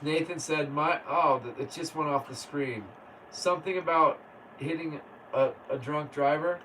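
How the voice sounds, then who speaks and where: A man's voice: fairly high pitch, unhurried, pushed and bright. A man hosting a casual livestream, reading viewer comments aloud and chatting in a laid-back way with frequent laughs. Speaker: livestream host. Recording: distant mic with faint background noise.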